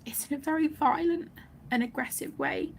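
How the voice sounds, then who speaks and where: Soft, halting woman with gravelly fry. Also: sits high, big pitch swings, slight background noise. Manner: soft-spoken, halting, often near a whisper. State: emotional, close to tears. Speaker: colouring channel host. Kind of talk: casual live-stream chat while colouring.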